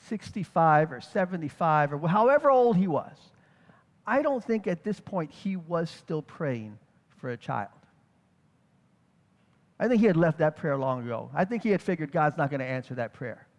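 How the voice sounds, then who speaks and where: A high-pitched male preacher giving a relaxed, conversational Bible teaching. He thinks out loud and often checks in with his listeners through rhetorical questions. His voice rings in a hall with long reverb. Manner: thinks aloud, with restarts and rhetorical "right?".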